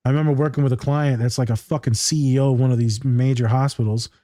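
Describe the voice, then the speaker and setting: A man who hosts a podcast and works as a therapist, ranting in animated, profane casual chat. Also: medium pitch, fast, no room sound, clean studio sound.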